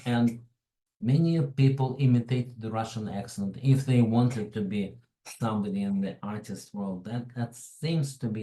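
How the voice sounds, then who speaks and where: A man's voice: medium pitch, mellow, echoey room, low-quality recording. A man with a foreign accent presenting a tech webinar in a chatty, digressive way, with frequent asides. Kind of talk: informal tech webinar talk.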